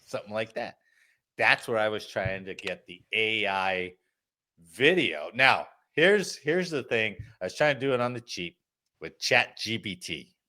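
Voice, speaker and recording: A man's voice: lowish voice, a little slow. A man hosting a weekly news and variety podcast, telling a story in casual chat and swearing freely. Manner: profane, animated storytelling. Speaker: podcast host.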